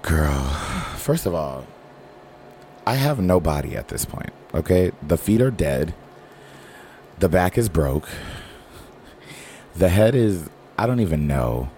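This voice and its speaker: A man with a remarkably deep, dark, mellow voice and a morning rasp he hasn't warmed out of. He co-hosts a casual chat, sassy, gossipy and quick to joke. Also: very animated, slight background noise. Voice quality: raspy. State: early-morning unwarmed voice. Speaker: podcast co-host.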